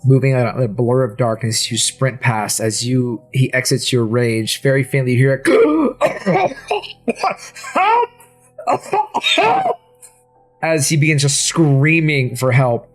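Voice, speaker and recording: A man's voice: mid-range voice, steady tone, moderate pace, hardly any pauses, faint music behind. A man narrating a tabletop game as game master, with descriptive, dramatic narration.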